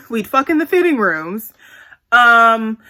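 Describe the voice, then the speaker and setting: A woman's voice: a little high, sing-song, slow, sharp tone. A woman in her twenties telling a candid, profane story to her viewers in a blunt, chatty vlog. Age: 20s. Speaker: vlogger.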